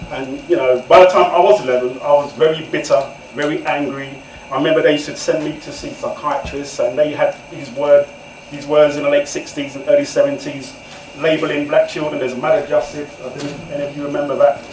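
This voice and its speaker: A man's voice: fairly high pitch, a little mellow, slight background noise. Man telling his story in an echoey room. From England. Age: 40s. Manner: candid, conversational, often addresses the audience directly. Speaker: guest author speaker. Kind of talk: personal storytelling talk to an audience. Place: event room with an audience. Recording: echoey room, far from the mic.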